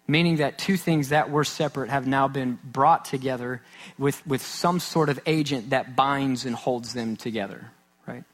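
A man in his thirties preaches a sermon in an earnest, conversational way. His voice sits at an ordinary middle pitch and often sinks to a soft, intense hush for emphasis. He acts out small everyday scenes as he goes. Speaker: pastor.

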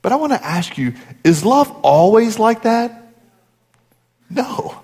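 A man's voice: high voice, sing-song, slow, mellow. A man in his forties, a pastor giving a sermon in an earnest, conversational storytelling way. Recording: long hall reverb.

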